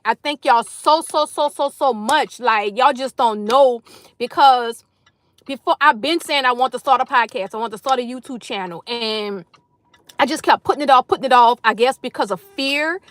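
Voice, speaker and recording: Sitting in a carpool line, a high-voiced woman hosts a casual livestream from her car. She gushes to her viewers and welcomes them by name, and the audio has no echo.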